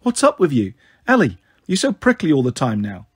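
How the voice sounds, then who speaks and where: A man's voice: fairly high pitch, wildly swooping pitch, fairly quick, breathy edge, exaggerated voice. A man voicing a fussy middle-aged father in an audiobook reading, speaking in a reproachful, fatherly way. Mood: exasperated.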